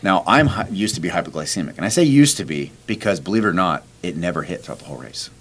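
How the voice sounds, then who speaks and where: A man's voice: low voice, quick pace. A man hosting a podcast, telling a story in casual chat and acting out what people said. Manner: animated, acts out quoted dialogue. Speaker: podcast host.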